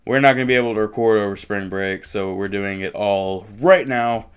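Young male game host with a cold; smooth, clear tone, chatty and excitable. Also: lowish voice, normal speed. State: has a cold, sniffling. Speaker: gaming channel host. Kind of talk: casual gameplay commentary. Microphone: desktop mic with face cam.

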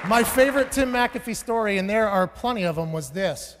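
A man in his thirties performs a stand-up set on a big stage, spinning stories in a loud, profane way that bursts into shouts. His voice sits high, and it rings out through a live hall with a long reverb tail. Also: lively intonation, fairly quick, a loud crowd, heavy background noise. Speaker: stand-up comedian. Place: large venue on stage.

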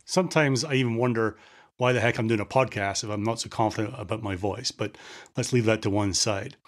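A middle-aged podcast host from Scotland with a faded Scottish accent mixed with American, talking fast in a solo monologue and sometimes mumbling words. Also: male voice, lowish voice. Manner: quick talker who sometimes mumbles words.

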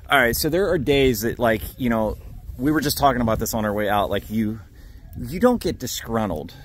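An upbeat man narrates casually as he works a dig site outdoors. He cheers his friends on at a middle pitch, and his talk is loose and unscripted. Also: fairly quick, slight background noise. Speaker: metal detecting vlog host.

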